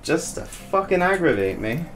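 A man's voice: on the high side, big pitch swings, normal speed. A man giving gameplay commentary while he plays, frustrated and swearing constantly between bursts of angry ranting. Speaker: gamer streaming a VR game.

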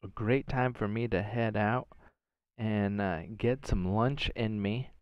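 A man giving excitable gameplay commentary, shouting reactions and trading playful trash talk. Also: fairly low pitch, slow, smooth, no echo, lo-fi sound. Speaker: gaming channel host.

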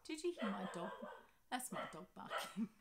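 A woman reading her picture book aloud to children, animated and asking her listeners questions. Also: medium pitch, normal speed, creaky, background noise.

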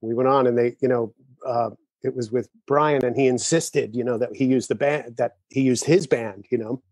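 A man's voice: medium pitch, steady tone, moderate pace, a little mellow, dry recording. A middle-aged man, a drummer guest, chatting casually over a video call and telling stories with frequent laughter. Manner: easygoing storyteller who laughs often.

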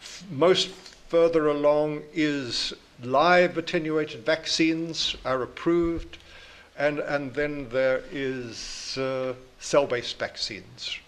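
A man from New Zealand with a New Zealand accent, an invited scientist answering audience questions in a measured, explanatory way with frequent restarts. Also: on the high side, steady tone. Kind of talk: lecture Q&A answers.

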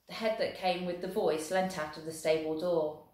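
A woman English teacher reading a novel aloud in a steady, expressive storytelling voice. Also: lowish voice, normal speed. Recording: very echoey room.

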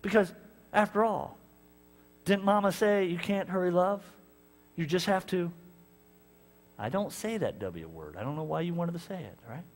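Animated male pastor in a reverberant hall. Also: high-pitched, moderate pace, long pauses. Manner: animated storytelling, acts out conversations. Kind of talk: sermon. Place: church sanctuary.

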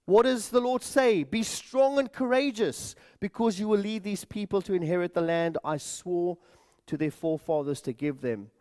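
A man's voice: sits high, normal speed, darkish tone. A man preaching a sermon in a church, earnest, repeating words and addressing the congregation as friends. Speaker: pastor.

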